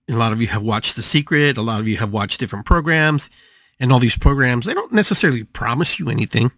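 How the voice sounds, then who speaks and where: An older man delivers a motivational talk as a podcast host, lively and playful. He stretches out repeated words and jumps suddenly up in pitch. His voice sits at an ordinary middle pitch, recorded dry and close. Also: dry recording. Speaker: podcast host and spiritual healer.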